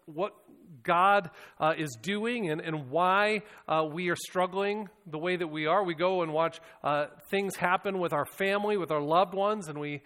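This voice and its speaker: A man with a high voice delivers a sermon. He speaks in an earnest, reflective way and often doubles back on his words as he goes. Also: measured pace, a bit bright, long reverb tail. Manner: earnest, reflective, with frequent restarts and repeated words. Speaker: preacher.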